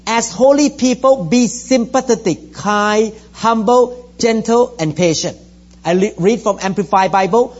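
High-voiced man preaching a sermon. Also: unhurried, a little mellow. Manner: emphatic, repetitive preaching with scripture reading. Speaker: pastor. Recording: dull lo-fi recording.

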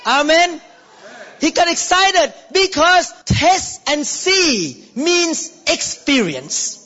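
A man with a very high, animated voice delivers a sermon, swinging widely in pitch and bursting into exclamations and laughter. He speaks slowly and deliberately. The recording is dull and lo-fi, with long reverb from a church hall. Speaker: pastor.

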